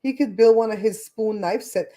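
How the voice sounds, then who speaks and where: A woman's voice: medium pitch, moderate pace, warm tone. A woman in her fifties, originally from Belize, hosting a casual livestream chat in a blunt, candid, cussing way. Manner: blunt, profane, candid storytelling. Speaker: host.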